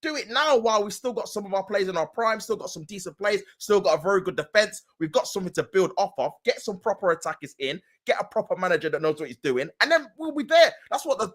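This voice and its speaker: A man guesting on a live fan chat, ranting in a frustrated, animated way. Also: high-pitched.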